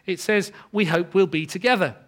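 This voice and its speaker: A man's voice: high voice, fairly bright tone. Earnest man preaching a sermon. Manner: earnest teaching, slows down to stress key words. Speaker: pastor.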